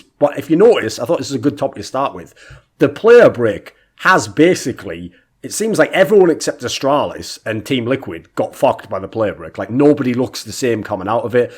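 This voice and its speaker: A young man co-hosting a casual esports podcast, brash and profane, telling animated stories. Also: mid-range voice, slightly rough. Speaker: podcast co-host.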